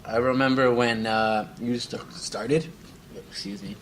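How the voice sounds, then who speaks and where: A man's voice: mid-range voice, level tone, a little slow, slight background noise. A young man co-hosting a casual chat, rambling through workplace stories and acting out his coworkers' lines with lots of laughter. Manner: rambling storyteller, acts out quoted coworkers, laughs often. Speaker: podcast co-host.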